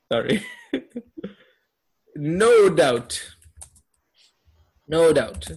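A man with a fairly high voice teaches a class on Quranic Arabic. He keeps quizzing his students and laughs often as he goes. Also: very animated, extremely slow, pauses often, darkish tone, slightly rough. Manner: asks students questions, upbeat with laughs. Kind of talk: classroom lesson.

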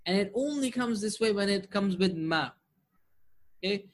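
A man's voice: high-pitched, expressive, normal speed. A man teaching Arabic grammar in an online class, explaining patiently, asking the class rhetorical questions and reciting Quranic verses fluently between his English explanations. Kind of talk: online lesson with shared screen.

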